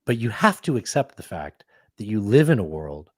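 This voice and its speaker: A man's voice: on the low side, very animated, normal speed, a little mellow, dry recording, studio quality. A man co-hosting a podcast, reacting to clips in casual chat with a riled-up, sarcastic manner and lots of restarts. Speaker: podcast co-host.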